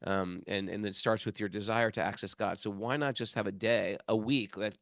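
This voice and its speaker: A low-voiced man co-hosting a spiritual talk show, telling stories with lively animation and frequent restarts. His voice sits close and dry on the mic. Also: normal speed, creaky, no room sound. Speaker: podcast co-host. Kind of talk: casual spiritual discussion.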